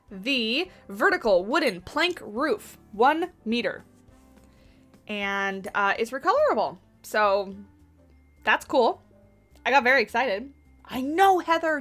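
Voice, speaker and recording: A woman's voice: on the high side, fairly bright tone. A woman livestreaming a game build at home, chatting loosely with her viewers and rambling as she works. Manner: chatty, rambling, talks to chat readers. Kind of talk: casual chat while building in a game. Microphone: USB desktop mic on boom arm.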